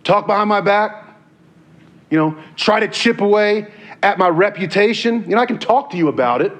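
A man delivering a sermon with a voice that sits a little high for a man. He preaches earnestly and conversationally, often doubling back on his words before pressing on. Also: lively intonation, normal speed, fairly bright tone.

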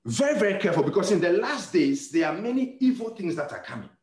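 A male pastor delivers a storytelling sermon, acting out both sides of conversations. His voice sits slightly high and leaps around in pitch, and he often repeats words as he restarts a thought. The room around him is echoey. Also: fast. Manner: animated, acts out dialogue, repeats words and restarts.

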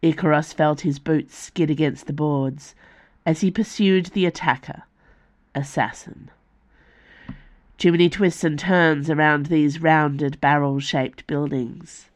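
Speaking in a low, steady voice, a female author narrates her fantasy novel for an audiobook from a script, taking a measured, deliberate approach.

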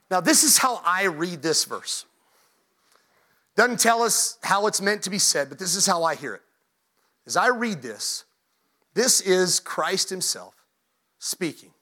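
A man preaching a sermon, moving from hushed whispers to shouted, pleading appeals. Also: fairly high pitch. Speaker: pastor.

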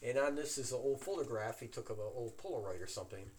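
A man in casual chat, excitedly telling an anecdote with plenty of swearing. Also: medium pitch, fast talker, a little hiss or hum. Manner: animated, excitable storyteller who swears.

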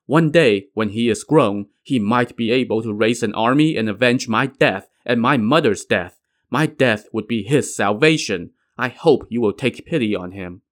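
A man's voice: mid-range voice, animated, normal speed, natural voice. A man reading as a sorrowful noble crown prince.

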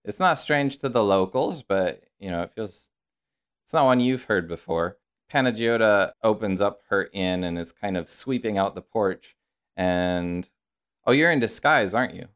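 A man narrating a tabletop role-playing game as game master, in a measured, descriptive way with some fillers. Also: fairly low pitch, a bit bright, smooth.

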